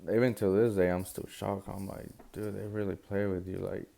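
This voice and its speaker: A young man tells a personal story in a loose, slangy way. His voice sits low and dark with a gravelly edge, and his pitch stays fairly flat even as he acts out the quotes. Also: normal speed. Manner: casual, slangy retelling with quoted dialogue. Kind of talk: casual storytelling vlog.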